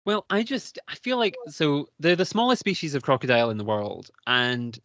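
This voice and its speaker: A man's voice: on the high side, normal speed, fairly bright tone, no echo. A British man co-hosting a podcast, talking in an enthusiastic, rambling way and laughing often. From United Kingdom. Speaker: podcast co-host. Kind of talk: casual chat.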